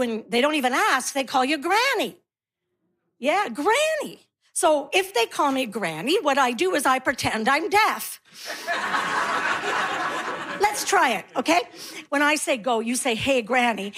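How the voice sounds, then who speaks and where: Middle-aged woman, high voice, wry stand-up delivery that sends up the people she talks about. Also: big pitch swings, moderate pace, a bit bright. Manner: wry, acts out mocking voices of others. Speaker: stand-up comedian. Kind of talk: stand-up comedy.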